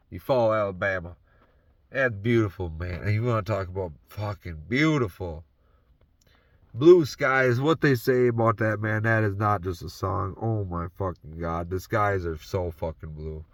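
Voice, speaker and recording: A man's voice: deep voice, fairly bright tone, no echo. A man in his truck talking in a loose, rambling monologue, swearing heavily and slipping into a half-faked Southern drawl. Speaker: vlogger.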